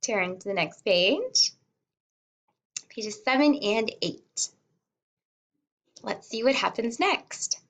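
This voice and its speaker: A woman kindergarten teacher reading a simple storybook aloud word by word, sounding out and repeating words and gently encouraging young children to follow along. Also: on the high side, expressive, slow, long pauses. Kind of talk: slow read-along lesson for young children.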